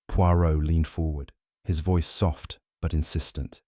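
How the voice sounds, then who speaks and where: A man narrating a mystery audiobook in a measured, scripted storytelling style. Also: rumbling low, flat delivery, warm tone, dry recording, clean studio sound.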